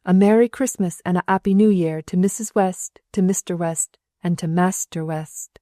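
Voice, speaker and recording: A woman reading the hoarse, hearty greeting of a village blacksmith in a storybook. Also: on the low side, normal speed, mellow, no room sound, studio quality, close to an everyday voice.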